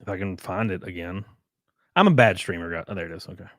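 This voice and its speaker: A low-voiced man who races cars hosts a casual livestream, talking quickly with a slightly bright tone. He reads viewer comments and jokes in a rambling, swearing way, in a dry, studio-quality recording.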